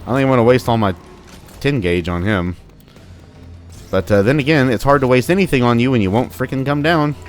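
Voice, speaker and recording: Playing a video game, this young commentator banters casually and talks to the on-screen enemies. His medium-pitched voice is brisk, broken up by long pauses, with faint music behind.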